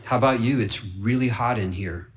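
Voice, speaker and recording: A man voicing a laid-back male dog stuck in a hot car, answering flatly and offhand. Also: on the low side, moderate pace, natural voice.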